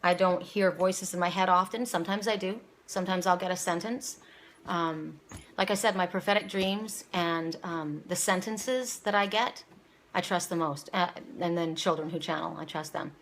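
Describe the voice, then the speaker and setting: A woman's voice: fairly low pitch, moderate pace, fairly bright tone, slight background noise. A woman giving a casual, rambling spoken oracle reading, repeating her words and near tears at times. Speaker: psychic reader. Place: home, seated.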